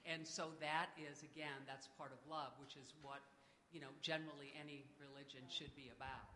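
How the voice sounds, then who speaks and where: A man's voice: on the high side, little pitch movement, normal speed, bright, forceful tone. A man on a discussion panel, musing aloud with many fillers, recorded in an echoey hall. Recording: echoey hall, faint background noise.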